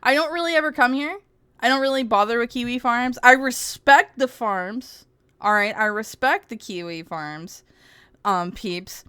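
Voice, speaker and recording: A woman's voice: on the high side, moderate pace, pushed and bright, smooth, dry recording, studio quality. A woman streamer in casual, sarcastic livestream commentary, rambling and giggling often.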